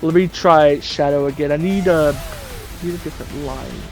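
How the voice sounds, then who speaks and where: Male gaming host, slightly high voice, rambling and self-correcting, faint music behind. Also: normal speed, a little mellow. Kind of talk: casual chat about voice impressions.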